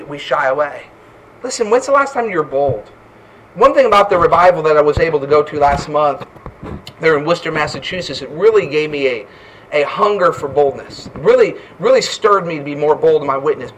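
A man's voice: sits high, distant mic, low-quality recording. A man preaching a fervent sermon as pastor, often tossing in "right?" asides.

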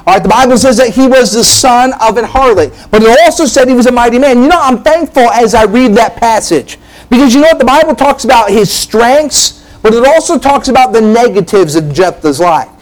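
High-voiced energetic male preacher. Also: a little fast, rough recording. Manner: energetic, exclamatory, frequent "hey" and "man". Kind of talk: sermon.

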